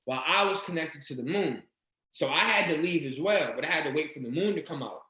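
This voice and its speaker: Brief: man, interview guest, loose profane storyteller, bright and forceful tone, roomy echo. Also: a little high. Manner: swearing, animated, laughing storyteller. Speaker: interview guest, regression practitioner. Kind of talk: casual storytelling chat.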